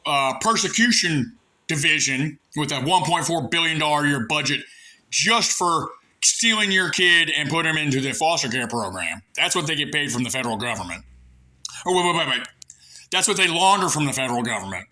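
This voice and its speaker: A man with a rural American accent rants on in a rambling, sarcastic monologue. His voice is sharp, tense and cutting, and sits a touch high. His talk is folksy and coarse. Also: animated, normal speed. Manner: sarcastic, ranting, digressive. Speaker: vlogger airing grievances.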